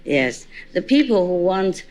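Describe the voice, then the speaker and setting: A woman's voice: lowish voice, sing-song, measured pace, darkish tone. A woman spiritual teacher giving an informal dharma talk to a gathering, chatty and teasing, laughing often.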